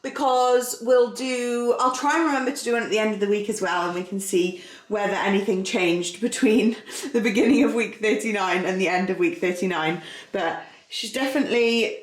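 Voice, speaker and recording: A woman's voice: medium pitch, normal speed, reverberant. A young woman, heavily pregnant, chatting casually to camera at home and sounding a little out of breath. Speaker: vlogger. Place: living room at home.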